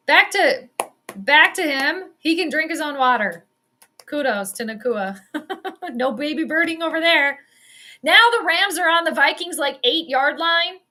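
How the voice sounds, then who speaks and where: A woman giving casual, excitable live play-by-play at home. She chats, swears freely and laughs often. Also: sits high. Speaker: sports commentator and astrologer. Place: at home in the evening.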